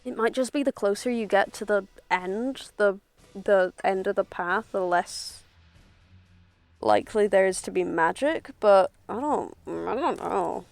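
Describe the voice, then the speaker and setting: A woman's voice: medium pitch, sing-song, a little slow, creaky, a little mellow, faint music behind. A young woman streaming a video game from home on a headset mic, chatting casually and swearing freely as she plays. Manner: swears freely, talks to herself while playing. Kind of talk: casual gaming stream chat. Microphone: headphones with mic.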